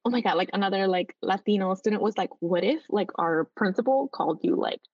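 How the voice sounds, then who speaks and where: A woman teacher talking casually as a podcast guest, chatty and full of fillers, lively when she retells her students' words. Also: mid-range voice, a little fast, dry recording, dull audio. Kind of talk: casual interview chat.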